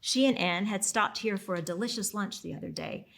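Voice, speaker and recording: A woman author reading her own novel aloud at a library event, steady, with the odd slip and apology. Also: mid-range voice, a little fast, vocal fry.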